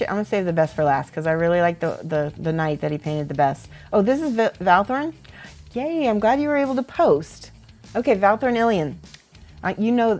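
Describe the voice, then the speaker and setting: A woman hosting a casual livestream, chatting warmly and encouragingly as she critiques painted miniatures and laughs often. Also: on the low side. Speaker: miniature painting host and teacher.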